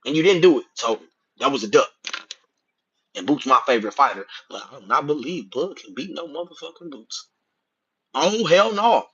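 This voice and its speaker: A man holds forth on boxing to his stream chat, loose and profane. His slightly raised voice is husky and leaps all over the place, from loud outbursts down to low mutters. The lo-fi audio sounds dull and muffled. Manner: profane, animated, swinging between loud outbursts and muttered asides. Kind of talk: casual livestream rant.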